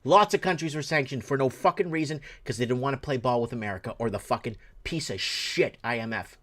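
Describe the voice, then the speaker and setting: A man hosting a talk show, ranting angrily and cursing, swinging between shouted bursts and low muttering. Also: fairly quick, hardly any pauses. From Portuguese heritage. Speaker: show host. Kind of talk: angry political rant.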